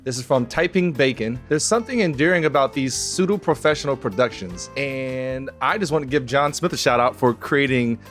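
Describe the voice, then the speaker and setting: A man's voice: mid-range voice, fairly quick, hardly any pauses, a bit bright, soft background music. A man on a comedy panel, reading a viewer comment aloud in a laid-back, offhand way. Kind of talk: casual chat reading a comment.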